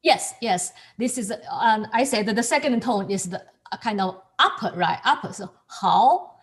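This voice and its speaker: Slow, halting woman teaching on a video call. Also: mid-range voice, animated. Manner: halting, repeats words, laughs often. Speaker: Mandarin tone teacher. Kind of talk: online class instruction.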